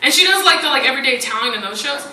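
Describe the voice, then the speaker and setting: Woman stand-up comic, high and bouncy, self-mocking banter; recorded from a distance in an echoey club. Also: expressive, rapid-fire. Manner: chatty, self-mocking, punctuated with "like" and "you know". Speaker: stand-up comedian. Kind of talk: stand-up comedy set. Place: comedy club stage. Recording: roomy live recording from a distance with loud crowd noise.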